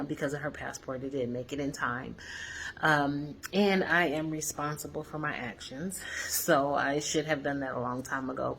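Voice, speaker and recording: A woman's voice: a bass voice, slight background noise. A woman in her forties chatting earnestly to viewers from a hotel room, telling a personal story with lots of fillers. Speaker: vlogger. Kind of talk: casual reflective vlog.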